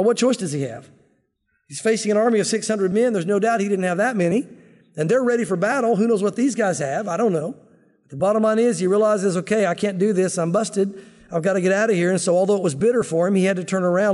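A man's voice: high-pitched, fast talker, a little mellow, big-room sound. A middle-aged male pastor giving an expository sermon in an earnest, conversational teaching manner.

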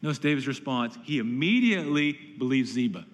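A man's voice: medium pitch, lively intonation, normal speed, fairly bright tone. A man preaches with earnest emphasis, stacking phrases and repeating words to drive each point home. His voice sits in a middle register. Long reverb trails after him, as in a large sanctuary. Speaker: pastor. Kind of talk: sermon.

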